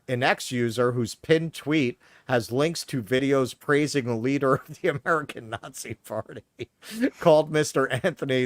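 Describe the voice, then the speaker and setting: A man's voice: medium pitch, no room sound. A man with a New York accent from Queens, co-hosting a political talk show, heated, sarcastic and swearing often. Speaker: podcast co-host. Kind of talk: casual political commentary.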